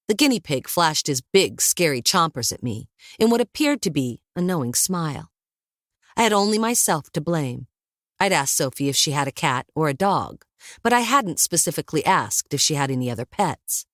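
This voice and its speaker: A woman reads a first-person story aloud in a low, animated voice. Her telling is wry and lively. The studio sound is dry and close. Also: moderate pace, no echo. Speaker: audiobook narrator. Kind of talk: first-person audiobook narration.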